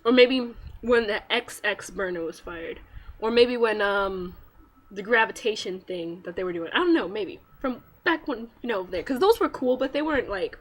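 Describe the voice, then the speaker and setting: A woman talking casually to her viewers in an excited fan rant, acting out quotes with big jumps in pitch and sudden squeals. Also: moderate pace. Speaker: manga fan vlogger.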